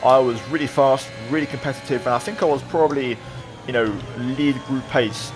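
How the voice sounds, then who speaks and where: A man talking through a replay of his own online race, relaxed and reflective, with many fillers. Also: medium pitch, a little fast, over music. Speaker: sim racing video creator. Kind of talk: replay commentary voice-over.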